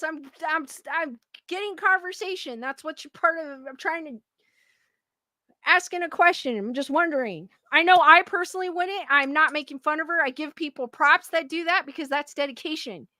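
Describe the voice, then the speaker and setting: Bright high-voiced woman host reading chat. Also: moderate pace, no room sound. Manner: defensive, laughs often, restarts sentences. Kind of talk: casual livestream chat.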